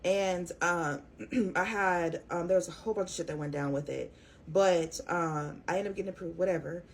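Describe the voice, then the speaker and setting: A young woman telling a personal story to her viewers in a casual, profane, animated way. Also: on the low side, normal speed, slight background noise. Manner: profane, animated, talks straight to her audience. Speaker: tarot reader.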